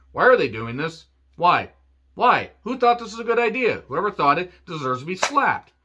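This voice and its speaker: A man's voice: on the high side, sharp tone, lo-fi sound. A man reviewing a wrestling show in a profane, sarcastic rant. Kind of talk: ranting review vlog.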